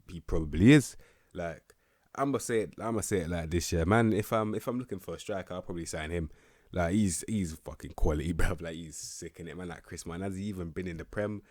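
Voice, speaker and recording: Deep-voiced young man. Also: no room sound, clean studio sound. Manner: slangy, laid-back, with bursts of excitement. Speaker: gaming YouTuber rating players. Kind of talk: casual game commentary.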